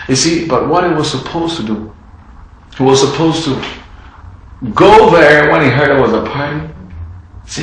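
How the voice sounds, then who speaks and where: A man preaching a sermon in a dramatic style, acting out the characters' words and swinging between loud, raised passages and hushed ones. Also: mid-range voice, expressive, normal speed, pauses often, a little hiss or hum. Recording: heavy room echo.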